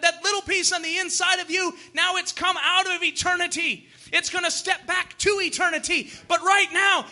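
A young man preaching a sermon, fervent and at times shouting, then easing into joking asides. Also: extremely high pitch.

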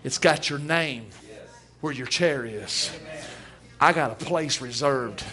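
A male preacher delivers a sermon to a church congregation. He talks in a folksy, plain-spoken way and leans hard on his emphasis. His voice sits at an ordinary middle pitch for a man. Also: slow, bright, forceful tone. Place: church service.

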